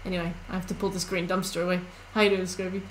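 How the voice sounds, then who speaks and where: A woman's voice: lowish voice, little pitch movement, very fast, slight background noise, rough recording. A young woman chatting casually on a live stream while she plays, rambling through stories with lots of fillers.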